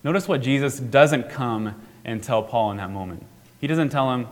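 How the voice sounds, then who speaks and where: Measured male pastor in a reverberant hall. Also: mid-range voice. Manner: measured, unhurried, with frequent pauses. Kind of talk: sermon.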